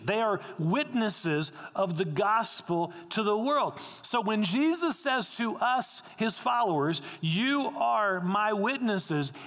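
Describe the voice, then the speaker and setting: Male pastor, fairly high voice, emphatic sermon delivery in a long-reverb sanctuary. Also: a bit bright. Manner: emphatic, repeats key lines for stress.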